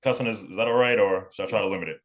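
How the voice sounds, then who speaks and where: Low-voiced man telling a story. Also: racing. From New York. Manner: laid-back, repeats and restarts phrases, cusses. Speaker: podcast guest. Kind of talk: storytelling in a casual interview.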